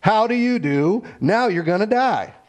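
Vengeful young cowboy, put on by a preacher, loud and challenging, a bit higher than usual, little acting. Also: male voice, expressive, a little slow. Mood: threatening. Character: young western gunslinger man, angry, vengeful.

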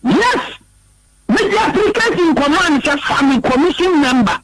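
A man's voice: very high voice, lively intonation, normal speed, very noisy. A man with a Ghanaian accent, a regional party chairman, giving heated interview answers, emphatic and repeating himself, stammering when worked up.

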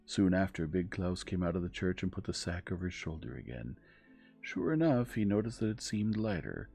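A man reads a bedtime story softly and gently. His voice is very deep and gravelly, with a mellow tone and lively swings. Faint music plays underneath. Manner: soft, gentle reading.

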